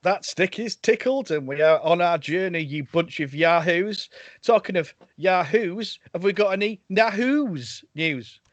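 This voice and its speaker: Joking male podcast host, high voice. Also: animated, a little slow, dry recording. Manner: jokey, teasing banter. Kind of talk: casual podcast chat. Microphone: video call. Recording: dull dry video-call audio.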